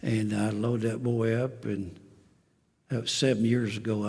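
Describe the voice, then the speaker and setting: A man's voice: on the low side, little pitch movement, a little slow, darkish tone, breathy edge, big-room sound. A man, telling his life story to a recovery meeting in a folksy, dry-humored way and chuckling at his own jokes. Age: 70s. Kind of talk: personal testimony to an audience.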